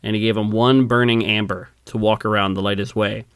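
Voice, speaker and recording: Male podcast co-host, low voice, dry close mic, chatty storyteller who does little character voices. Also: flat delivery, brisk, a bit bright, smooth, dry recording. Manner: laughs often, acts out quoted characters. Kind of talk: casual storytelling chat.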